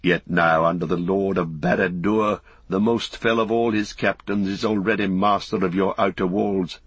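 A man voicing an old male wizard, grave and commanding, with a measured, solemn delivery. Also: low voice, fairly even intonation, a bit bright, slightly rough, no room sound, highs cut off, exaggerated voice.

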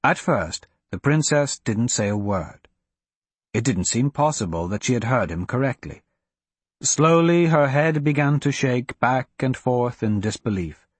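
Slow, husky male audiobook narrator. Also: mid-range voice, no echo. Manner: unhurried, expressive. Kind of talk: scripted narration.

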